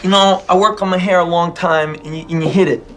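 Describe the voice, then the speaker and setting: A man voicing an indignant male talking donkey that complains in a high, whiny, street-talking way. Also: steady tone, quick pace, fairly bright tone, soft background music.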